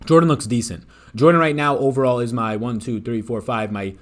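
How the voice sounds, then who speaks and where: Brief: male stream host, rapid-fire casual delivery, swears a lot, mid-pitched. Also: steady tone. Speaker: fantasy sports picks host. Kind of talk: live-stream sports betting talk.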